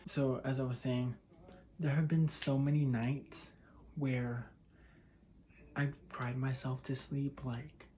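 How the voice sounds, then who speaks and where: A man's voice: mid-range voice, little pitch movement, slow pace, long pauses, mellow, a little hiss or hum. A young man from Texas telling a personal story in a vlog, rambling and heartfelt, with lots of "like" and "you know". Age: young adult. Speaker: vlogger.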